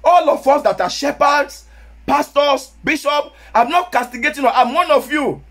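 A man with a Nigerian Yoruba accent, preaching a sermon as pastor, sometimes rising to shouts. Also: extremely high pitch, moderate pace.

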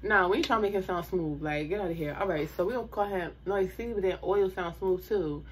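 A woman's voice: lowish voice, fast talker. A young woman telling a storytime to her viewers in a casual, slangy way, with asides and laughs.

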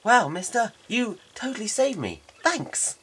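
A man's voice: high-pitched, sing-song, a little slow, a bit bright, husky, pitched above the performer's own voice, full character voice. A man voicing a sassy, blunt young female student in a game, talking chattily. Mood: snarky.

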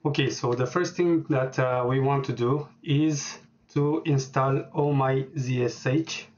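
A man walking through a software setup on screen, speaking hesitantly with many filler words as he types. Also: mid-range voice, steady tone, a little slow, muffled recording. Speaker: programming tutorial host. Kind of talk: screen-recorded software tutorial.

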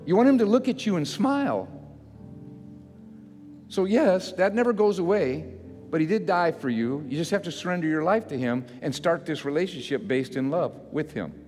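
An older man, a pastor, preaching a sermon in a folksy, self-mocking way that builds into loud, emphatic repetition. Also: fairly high pitch, expressive, moderate pace. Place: church sanctuary. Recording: church hall reverb with faint music.

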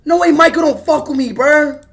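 A young man livestreaming, talking loudly and excitably to his chat, often shouting. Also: very high-pitched, moderate pace, gravelly. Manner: loud, excitable, shouts and laughs a lot.

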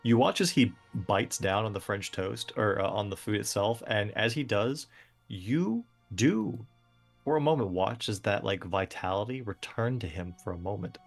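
A man's voice: fairly low pitch, lively intonation, normal speed, gravelly, soft background music. A man narrating a tabletop game as game master, casual, with lots of fillers and laughter.

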